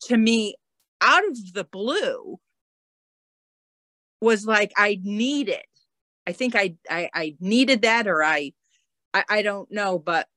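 A woman on a podcast telling a personal story in a halting, emotional way, close to tears. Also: mid-range voice, pushed and bright, no echo. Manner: tearful, halting, repeats words. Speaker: podcast guest.

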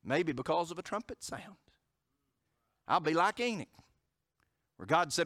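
A man preaching a sermon as pastor, moving from loud emphatic declarations to hushed storytelling. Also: on the high side, very animated, a little slow, long pauses, dry recording, studio quality.

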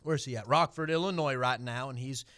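A man's voice: medium pitch, a little fast, a bit bright, clear, resonant tone. A middle-aged man with a Southern US accent preaching a sermon in a folksy way, repeating phrases and building to emphatic points.

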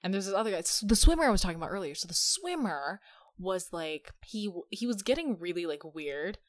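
A woman's voice: fairly low pitch, very animated, fairly quick, dry recording. A young woman hosting a podcast, telling stories in a chatty, sarcastic way. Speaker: podcast host. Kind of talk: casual chat.

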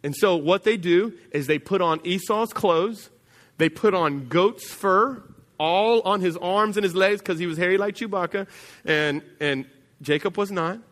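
A pastor preaching a sermon in a church, telling a story conversationally and dropping to a quiet voice for emphasis. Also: male voice, high-pitched, a little slow, in a large hall.

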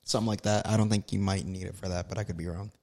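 A man's voice: low voice, fairly even intonation, rapid-fire, warm tone. A man co-hosting a podcast in casual chat, laid-back and teasing, full of slang. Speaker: podcast co-host.

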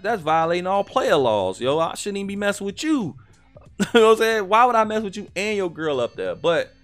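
A young man casually telling a personal story, slangy and animated, with lots of fillers. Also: mid-range voice.

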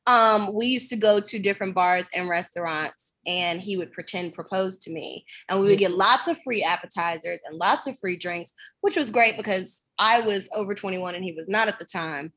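A woman's voice: medium pitch, normal speed, hardly any pauses, a bit bright. A woman comedian co-hosting a casual podcast, chatty and joking with loose asides. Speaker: comedian co-host.

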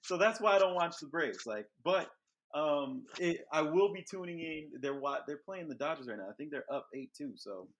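A young man hosting a podcast, telling a childhood story in loose, profane casual chat that gets animated. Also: on the high side, moderate pace. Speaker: podcast host.

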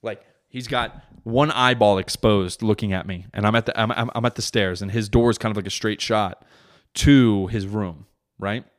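A man's voice: fairly low pitch, fairly even intonation, normal speed. A comedian and podcast host, a father, telling a rambling story in casual, profane, self-correcting chat.

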